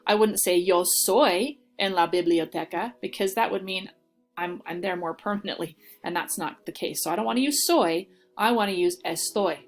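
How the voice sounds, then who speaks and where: A woman teacher giving a recorded lesson, explaining step by step and checking in with "okay?". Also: mid-range voice. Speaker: Spanish teacher.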